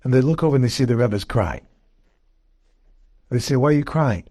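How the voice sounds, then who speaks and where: A man, a rabbi giving a Torah class, telling a story with lively jokes and acting out its characters. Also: mid-range voice, normal speed. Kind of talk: animated storytelling lecture.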